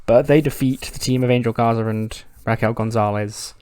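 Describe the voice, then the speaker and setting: A man talks through his wrestling-sim run in a loose, animated style and jumps into the characters' dialogue. His voice sits at an ordinary middle pitch. The recording is dry and close, with no room sound. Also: normal speed, smooth, dry recording. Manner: animated, acts out the wrestlers' dialogue, swears freely. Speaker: gaming commentator. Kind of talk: casual playthrough narration.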